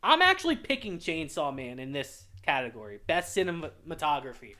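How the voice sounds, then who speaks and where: High, animated young man ranting. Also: moderate pace. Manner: heated, profane, exasperated ranting. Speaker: anime reviewer, channel host. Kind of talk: casual reaction rant.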